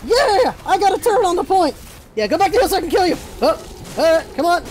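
A let's play host giving excited gameplay commentary, yelping, swearing freely and repeating words in rapid bursts. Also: very high voice, a little hiss or hum. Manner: swears freely when things go wrong.

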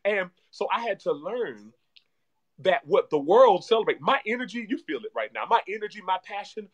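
A man speaking as a guest relationship coach in animated podcast talk, energetic and repeating himself like a preacher. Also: sits high, normal speed, highs cut off.

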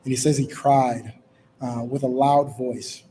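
A man's voice: mid-range voice, fairly even intonation, measured pace, dark tone, slight background noise, low-quality recording. A man leading a Bible study in a casual, informal way, reading scripture aloud and rephrasing it with many fillers.

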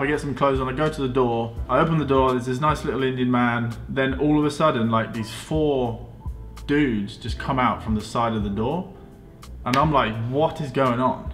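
A young man in his twenties, vlogging as he tells a story to camera and acts out both sides of the exchange, his voice jumping up in pitch when he retells his own outbursts. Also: a bit bright.

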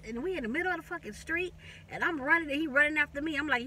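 Woman vlogger, bright voice, chatty storyteller who repeats herself and swears, a bit off-mic with faint traffic. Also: high voice, racing, far from the mic. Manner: animated, repetitive, profane, laughing storyteller. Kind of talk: casual storytelling.

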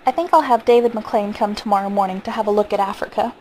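A woman's voice: medium pitch, fairly even intonation, quick pace, darkish tone, a little hiss or hum, lightly acted, poor audio. A woman reading as a brooding, exasperated father. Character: stern worried father of two.

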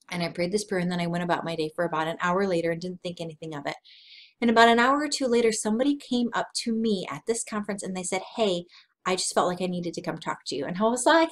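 A young adult woman hosting a Christian women's channel, giving an earnest devotional talk with a personal story and acting out cheery quoted encouragement. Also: fast talker. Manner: earnest, acts out quoted encouragement in a bright higher voice.

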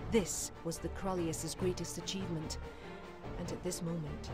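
A woman reading an audio story as narrator, lively and expressive. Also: on the low side, moderate pace, loud music behind the voice.

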